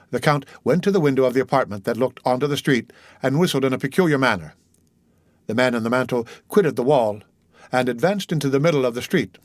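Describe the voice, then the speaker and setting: A man narrating an audiobook of a classic novel in a steady reading voice. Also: mid-range voice, quick pace, no echo, clean studio sound. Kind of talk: scripted narration.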